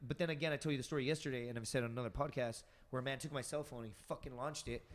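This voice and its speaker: A man's voice: mid-range voice, steady tone, rapid-fire. A young adult man, a stand-up comic guest on a podcast, telling a profane, joking story in casual chat.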